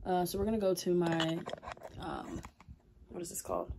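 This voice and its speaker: A woman's voice: on the low side, sing-song, moderate pace, vocal fry, pauses often, noisy background. A young woman vlogging at her makeup area at home, chatting candidly with lots of fillers. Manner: rambling, many fillers, candid. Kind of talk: casual confessional chat.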